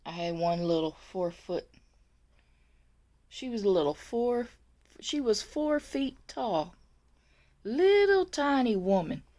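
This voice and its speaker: A woman telling a story in a relaxed vlog, taking her time over each phrase. She is chatty and laughs easily, often repeating a word before going on. Her pitch sits in a middle range. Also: slow, long pauses. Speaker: former nursing aide telling a story.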